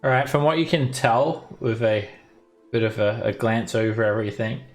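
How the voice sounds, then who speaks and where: Gravelly-voiced male game master. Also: medium pitch, faint music behind. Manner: halting, searching for words. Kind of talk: narrating a tabletop game.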